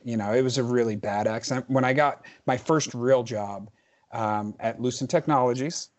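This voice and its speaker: A man's voice: medium pitch, normal speed. A man in his forties from New Jersey, a podcast guest telling emphatic stories in casual chat, often restarting his sentences.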